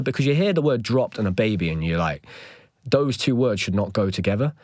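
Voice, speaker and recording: A young man speaks in a lowish voice, recorded close and dry. He tells a candid personal story in a rambling, earnest way, full of "like" and restarts. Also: animated, quick pace, dry recording. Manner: rambling and earnest, lots of fillers like "like". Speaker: podcast host.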